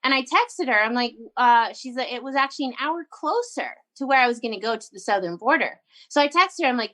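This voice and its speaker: Animated woman, bright voice. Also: fairly high pitch, brisk, few pauses. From Canada. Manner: animated, emphatic, quotes herself and others. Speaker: guest entrepreneur. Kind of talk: casual storytelling interview.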